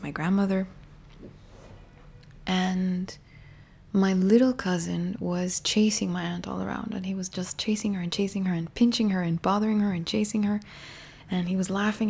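Soft-spoken woman, half-whispered, gravelly. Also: lowish voice. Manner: gentle, intimate, rambling with many restarts. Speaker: spiritual healing teacher. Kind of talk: soft, partly whispered reflective talk to viewers.

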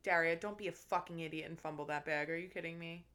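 A woman's voice: lowish voice, steady tone, fast talker, fairly bright tone. A young woman co-hosting a podcast in casual chat, blunt and teasing, swearing a lot. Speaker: podcast co-host.

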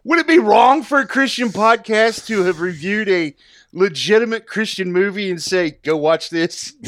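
A man's voice: high voice, expressive, a little slow, a bit bright, dry recording, clean studio sound. A man co-hosting a podcast, teasing the others playfully. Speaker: podcast co-host. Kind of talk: casual podcast chat.

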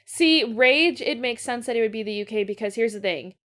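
A young woman in casual, excitable movie-reaction chat, swearing freely and using lots of fillers. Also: on the high side, fairly quick.

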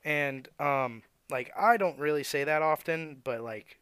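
A man's voice: a little high, measured pace, a bit bright, clean tone. A man who works at a tire shop, ranting bluntly and cursing about rude customers. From Florida. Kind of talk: profane venting rant.

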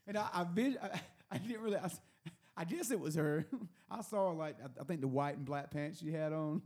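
A man with a fairly high voice tells a story in a loose, chatty way, laughing often and tripping over repeated words. He is seated at a table, talking with friends on a show. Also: animated, a little fast, darkish tone, husky. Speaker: podcast host telling a story. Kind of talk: casual storytelling chat. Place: room at a table.

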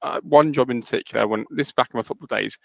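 A man's voice: medium pitch, fast talker, vocal fry, no room sound. A man co-hosting a podcast, ranting in a casual chat and acting out quoted emails. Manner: animated, ranting, exaggerated quoting. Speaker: podcast co-host.

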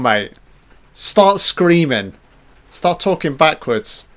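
A man's voice: on the high side, very animated, slow, fairly bright tone. A man giving a casual, sarcastic and profane commentary over a film, tossing off laid-back asides.

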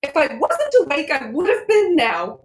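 A woman voicing a prim, fussy aunt who scolds in a lively, high voice. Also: moderate pace, roomy sound. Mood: scolding.

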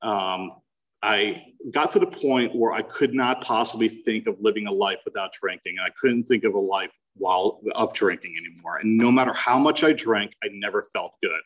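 A man's voice: fairly low pitch, normal speed, fairly bright tone, recorded from a distance, poor audio. A man in his forties from New Jersey shares his recovery story at a meeting. He speaks candidly and mocks himself with wry humor. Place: meeting room.

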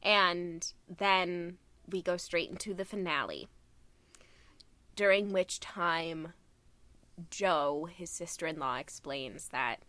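A woman co-host from Wisconsin speaks slowly and with feeling, gushing about music she loves. Her voice sits a little low and is recorded dry and close, with no room sound. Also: sharp tone, no echo. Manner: earnest and gushing, long story-telling runs. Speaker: podcast co-host. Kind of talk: casual chat about a musical.

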